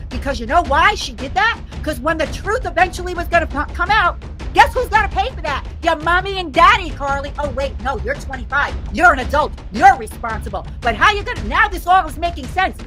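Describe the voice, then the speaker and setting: A woman's voice: very high voice, bright, forceful tone. A woman commentator delivering an angry, indignant rant peppered with profanity.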